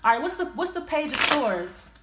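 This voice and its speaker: A woman's voice: high-pitched, big pitch swings, normal speed, very noisy. A woman doing a casual tarot reading, blunt and profane, thinking aloud as she pulls each card. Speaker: tarot reader. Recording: roomy echo.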